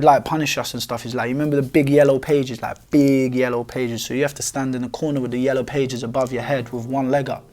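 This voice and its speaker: A man's voice: medium pitch, a little mellow. A young man, candidly telling his own life story in loose street slang, with lots of swearing and fillers.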